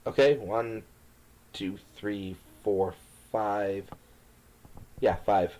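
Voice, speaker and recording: A man's voice: lowish voice, drawn-out words, a little mellow, rough recording. A man casually talking through a cooperative card game with a friend, explaining his moves.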